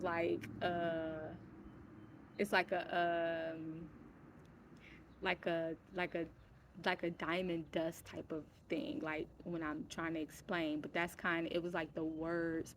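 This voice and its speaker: Low-voiced woman rambling frankly. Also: little pitch movement, measured pace, slight background noise. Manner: rambling, full of "like" fillers and restarts; frank, swears when irritated. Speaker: vlogger. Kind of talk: casual personal storytelling.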